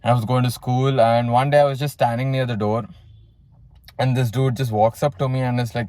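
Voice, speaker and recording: A man's voice: mid-range voice, flat delivery, normal speed, darkish tone, no echo. A young man from South India casually telling a personal story in a blunt way, full of swearing and "you know". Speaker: vlogger telling his story.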